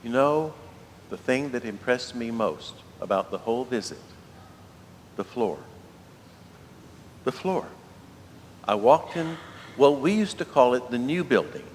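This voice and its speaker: A man's voice: animated, measured pace, pauses often. Man in his seventies, parish priest, chatty homily full of rhetorical questions, big reverberant church. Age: 70s. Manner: conversational storytelling with rhetorical questions. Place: large church. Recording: long church reverb, faint rumble.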